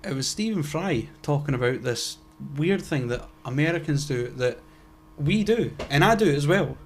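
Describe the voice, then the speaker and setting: A man's voice: a little high, lively intonation, normal speed, a little hiss or hum. Rambling man, casual podcast chat. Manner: rambling, casual swearing, lots of fillers. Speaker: podcast co-host.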